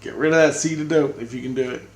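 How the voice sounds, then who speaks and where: A man's voice: on the high side, fairly even intonation, fast, darkish tone, echoey room, slight background noise. A man giving a rambling, casual spiritual monologue at home, swearing and repeating himself. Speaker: spiritual vlogger. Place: apartment, indoors.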